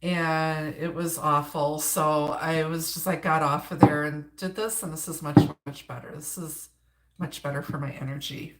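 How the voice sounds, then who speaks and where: Woman, Upper Midwest accent, tarot reader on a live stream, chatty, lowish voice, echoey room. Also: steady tone, normal speed, a little hiss or hum. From Wisconsin, United States. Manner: chatty, greets viewers, frequent fillers and laughs. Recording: roomy echo.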